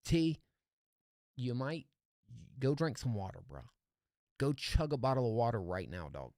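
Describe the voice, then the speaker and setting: A man's voice: mid-range voice, lively intonation, a little slow, a little mellow, dry recording, clean studio sound. Slangy laid-back male streamer. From California. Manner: laid-back slangy banter, calls people dog. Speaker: music reaction streamer. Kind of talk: casual stream commentary.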